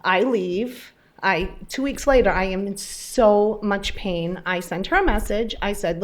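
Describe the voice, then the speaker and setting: A woman's voice: medium pitch, unhurried, few pauses. A nervous, chatty woman tells her personal story to a live audience, acting out the conversations as she goes. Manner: chatty, animated storyteller who acts out dialogue. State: a little nervous. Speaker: patient speaking at an event.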